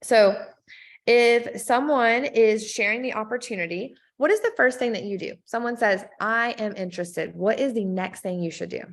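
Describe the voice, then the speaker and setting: A woman coaching a team on how to sell, talking upbeat and direct, often checking in with "okay?" and acting out sample scripts. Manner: acts out sample scripts with quick pitch swings. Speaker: network marketing team trainer.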